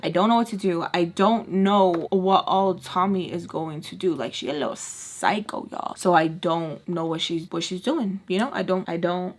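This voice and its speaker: A woman in her twenties telling a story on her vlog in a lively, casual way, full of "like" and swearing. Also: fairly low pitch. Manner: animated, filler-heavy, swearing. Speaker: vlogger.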